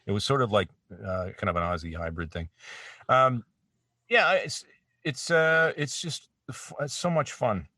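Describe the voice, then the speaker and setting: Deep-voiced Canadian male voice actor, loose and rambling, recorded dry and a touch distant from home. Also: moderate pace, pushed and bright, dry recording. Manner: rambling and self-deprecating, many restarts. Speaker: voice actor guest. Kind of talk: casual interview chat. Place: home studio. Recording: dry, slightly distant mic.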